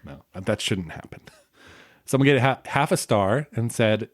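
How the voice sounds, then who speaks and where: A man's voice: medium pitch, expressive, moderate pace, no echo, studio quality. A man co-hosting a film podcast in casual, irreverent chat, joking and swearing freely. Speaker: podcast co-host.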